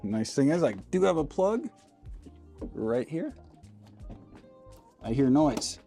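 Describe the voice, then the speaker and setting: A man with a slightly high, sing-song, gravelly, dark voice talks slowly while faint music plays. He's working in his RV, speaking into a handheld mic and grumbling casually to himself and his viewers in a folksy way.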